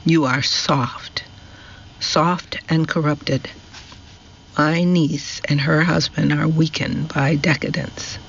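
A cold, menacing old woman, as a male narrator puts her on, drawling her words slowly with a gravelly catch. The sound is dull and lo-fi with a faint hiss. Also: a little high, fairly even intonation, a bit bright, heavily acted.

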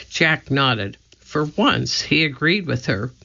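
A narrator reading a children's chapter book aloud in a steady, clear storytelling manner. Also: mid-range voice, takes it slowly, few pauses, lo-fi sound. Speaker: audiobook narrator.

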